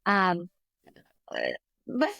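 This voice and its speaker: A woman's voice: mid-range voice, animated, very slow, pushed and bright, dry recording. A woman in her twenties, a podcast guest chatting casually and often saying "like". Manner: chatty, fills speech with "like". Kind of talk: casual chat.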